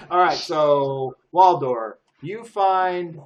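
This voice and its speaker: A man's voice: fairly high pitch, very slow, lo-fi sound. A man narrating a tabletop game from home as game master, loose and rambling.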